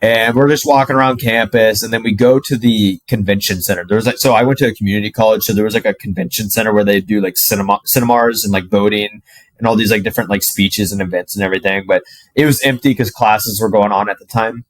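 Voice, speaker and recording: A young man telling a personal story to camera in a casual, animated way, full of "like" and the odd swear word. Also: lowish voice, quick pace, no room sound, low-quality recording. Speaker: dating coach.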